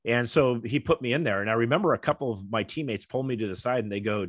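A man's voice: medium pitch, animated, quick pace, hardly any pauses, breathy edge, no room sound. A middle-aged American man, a former athlete, telling stories in a rambling casual way with lots of fillers. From United States. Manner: rambling, many fillers, acts out quoted voices. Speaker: guest, former Olympic kayaker. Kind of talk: casual storytelling interview.

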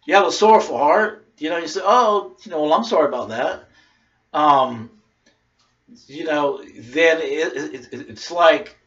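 A man's voice: a little high, a bit bright. A man preaching informally, telling a personal story with lots of "you know" asides and restarts. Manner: conversational, rambling, many "you know" asides. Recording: dull lo-fi sound.

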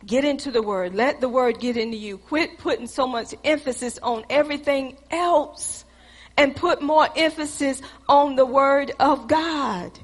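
A woman preaching a fervent sermon, exhorting the congregation and at times rising to shouts. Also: high-pitched, measured pace.

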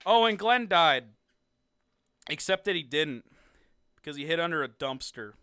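A young man co-hosting a podcast, reviewing a ranked list of TV seasons in a sarcastic, animated way with frequent laughs. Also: a little high, moderate pace, clean tone, dry recording, clean studio sound. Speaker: podcast co-host. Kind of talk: casual ranking review chat.

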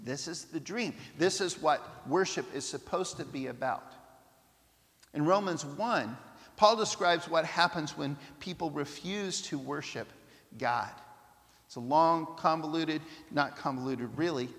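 A male preacher delivers a sermon with an animated, storytelling manner, slipping into the voices of the people he quotes. His voice sits high for a man. The sound carries a long reverb, as if from a large hall. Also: unhurried.

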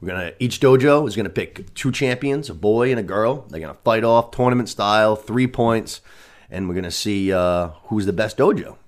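A man's voice: lowish voice, moderate pace. A man hosting a podcast, recapping a TV season in casual, profane chat full of "you know what I mean". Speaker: podcast host.

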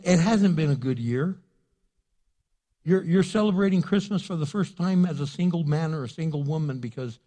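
A pastor preaching a sermon with joking asides and rising fervor. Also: male voice, a little high, mellow, big-room sound.

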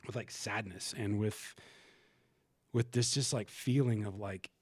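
Speaking unhurriedly in a fairly low, steady, slightly rough voice, a man opens up as a podcast guest about a personal story. The conversational telling is frank and emotional, full of swearing and restarted sentences, and the audio has no echo.

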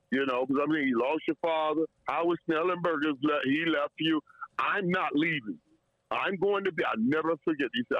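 A man's voice: on the high side, fairly quick, dry recording, highs cut off. A man telling a story in casual chat, emotional and tearing up, stumbling over repeated words and laughing often. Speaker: guest storyteller.

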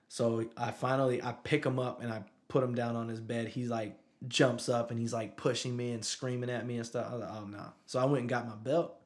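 With a medium-pitched, slightly bright voice, a father in his thirties recounts a story during a casual chat. "You know what I'm saying" comes up often.

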